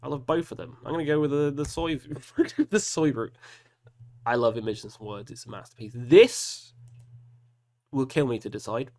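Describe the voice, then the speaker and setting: A man's voice: mid-range voice, brisk, darkish tone. A man hosting a casual solo video, talking through music matchups and groaning over hard choices with self-mocking asides. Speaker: metal reaction host. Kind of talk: casual solo commentary while picking albums.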